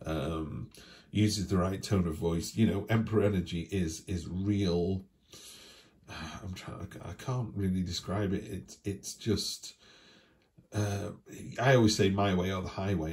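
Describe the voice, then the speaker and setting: A man's voice: low-pitched, a little mellow. A man giving a casual weekly tarot reading, chatty and rambling, with fillers and asides. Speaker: tarot reader.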